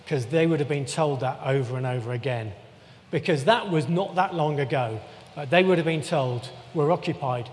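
A man giving a relaxed, conversational sermon with jokey asides, often restarting his sentences. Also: fairly high pitch. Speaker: preacher. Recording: long reverb of a church hall.

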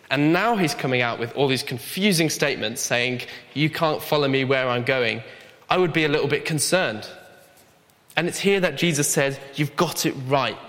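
A man's voice: on the high side, fairly bright tone. A young man preaching a sermon in an earnest, conversational way with light humor. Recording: long hall reverb.

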